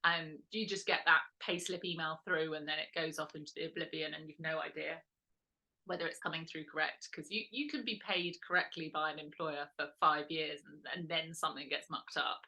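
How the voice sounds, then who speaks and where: A woman leads a casual workshop in a low, bright and forceful voice. She talks in a loose, rambling way, correcting herself and filling pauses with "um". She sounds like a host chatting her way through her teaching points. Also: steady tone. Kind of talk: casual instructional talk.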